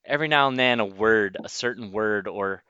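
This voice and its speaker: A man with a bright, clear, forceful voice chats loosely and laughs often as a podcast co-host. His backup mic gives a dry, dull, lo-fi sound with no room echo. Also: lowish voice, a little fast. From United States. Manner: laughs easily, relaxed and chatty. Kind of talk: casual chat. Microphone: backup mic, low fidelity.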